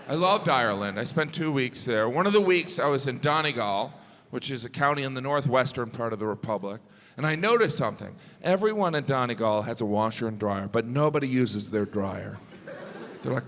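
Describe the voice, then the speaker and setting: Male stand-up comic, lively pitch, acts out every voice in his stories, live in a big reverberant theater. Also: moderate pace. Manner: animated storytelling, acting out both sides of conversations. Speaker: stand-up comedian. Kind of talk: stand-up comedy set. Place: large theater stage. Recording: live theater with long reverb and audience noise.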